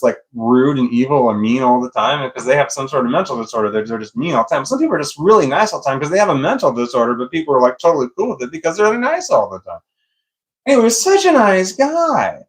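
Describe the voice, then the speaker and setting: Rambling, laughing man telling a story. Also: a little high. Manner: rambling, laughing often, swears freely. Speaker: vlogger. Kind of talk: casual storytelling.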